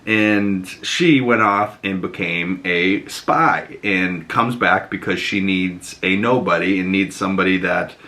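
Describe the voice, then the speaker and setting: A man's voice: deep voice, takes it slowly, few pauses, sharp tone. A man, talking through a movie review in a chatty, enthusiastic vlog style, full of "you know" and casual swearing. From Boston. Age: 20s.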